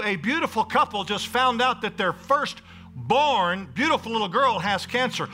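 A man with a high, bright voice preaches a sermon to his congregation. He is emphatic, calling out for agreement from the room. Soft music sits faintly behind him. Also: expressive, normal speed, rough recording. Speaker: pastor. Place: church sanctuary before a congregation.

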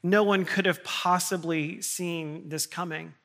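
A man's voice: sits high, fairly even intonation, a little slow, creaky, fairly bright tone. A man who is a pastor, preaching a sermon in an earnest way that builds to impassioned appeals.

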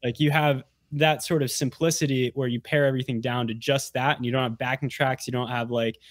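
Male guest, mid-pitched, rambling and enthusiastic, dry mic. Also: flat delivery, brisk, dry recording. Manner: rambling, enthusiastic, many fillers. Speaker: podcast guest. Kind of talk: casual chat.

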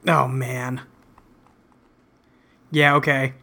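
A man's voice: medium pitch, flat delivery, drawn-out words, bright, forceful tone. A man co-hosting a podcast, reacting with short, amused agreement in casual chat. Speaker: podcast co-host.

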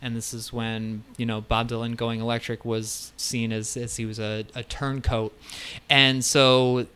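Male co-host, bright and smooth tone, loose enthusiastic music chat. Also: medium pitch, flat delivery, unhurried. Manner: enthusiastic, profane, storytelling. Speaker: podcast co-host. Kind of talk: casual chat about music records.

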